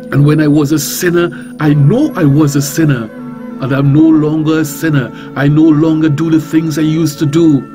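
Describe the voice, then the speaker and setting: Preaching over the radio as a talk host and reverend, this Trinidadian man uses a fairly high voice and forceful, emphatic delivery. He keeps circling back to the same phrases and asking question after rhetorical question, with music clearly audible beneath him.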